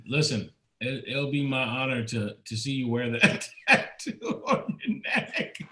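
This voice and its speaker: Slow, lively, teasing man. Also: medium pitch, roomy sound. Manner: teasing, laughs often. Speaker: podcast co-host. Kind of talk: casual banter.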